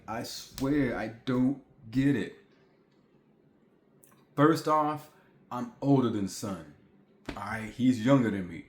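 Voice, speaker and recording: A man in his forties telling a story to the camera at home in a chatty way, repeating himself and talking straight to the viewers. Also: fairly low pitch. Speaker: vlogger. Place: indoors at home. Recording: echoey room.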